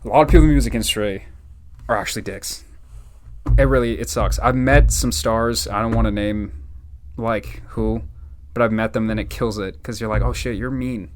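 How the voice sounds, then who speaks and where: A man's voice: on the low side, fairly even intonation, normal speed, a little hiss or hum. Slangy young man rambling casually. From Natick, Massachusetts, US. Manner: loose, slangy, rambling with many "like"s. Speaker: podcast guest, rapper. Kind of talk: casual chat.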